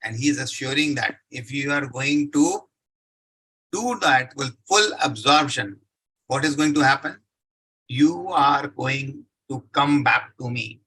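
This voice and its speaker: Man, scripture lecture, very bright tense voice, husky edge, recites verses then explains. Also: medium pitch, a little slow, poor audio. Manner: asks the listeners rhetorical questions and answers them. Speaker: scripture class speaker.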